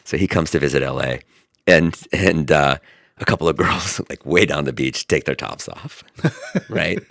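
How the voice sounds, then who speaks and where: Man, podcast host, animated storyteller, swears freely, very dry close sound. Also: rumbling low, moderate pace, creaky, dry recording. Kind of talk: casual chat.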